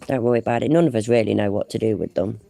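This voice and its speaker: A woman's voice: extremely low pitch, rapid-fire, vocal fry, dark tone. A woman giving casual, exasperated reaction commentary on a live stream, swearing and chatting with her viewers.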